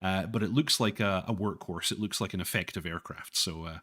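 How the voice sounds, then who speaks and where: A man hosting a casual livestream chat, relaxed and self-deprecating, hesitating with fillers. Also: low voice, brisk. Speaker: stream host.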